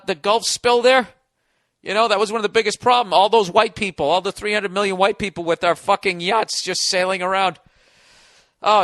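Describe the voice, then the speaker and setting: High, bright-voiced sarcastic ranting man. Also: no room sound. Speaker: podcast host. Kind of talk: comedic podcast monologue.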